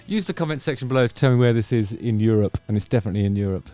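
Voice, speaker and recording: A man's voice: medium pitch, animated, racing, mellow. A man hosting a music review video, musing through casual reaction commentary and trailing off into self-corrections. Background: faint music from the video under review.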